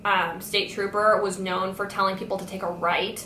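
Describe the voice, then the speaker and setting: A woman's voice: mid-range voice, moderate pace. A young woman vlogger telling a storytime tale with lots of "like" fillers. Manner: animated retelling full of "like" fillers. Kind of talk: storytime vlog. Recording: echoey room with faint noise.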